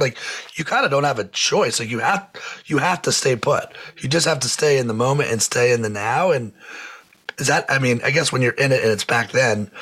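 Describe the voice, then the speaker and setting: A male podcast host chats loosely in an interview setting, rambling with plenty of fillers and restarts. His voice sits in the mid range and sounds a bit bright.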